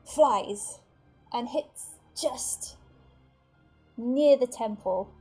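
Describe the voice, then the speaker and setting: A woman narrating a tabletop game as game master, lively and full of restarts. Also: a little high, husky. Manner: lively, with many fillers and restarts.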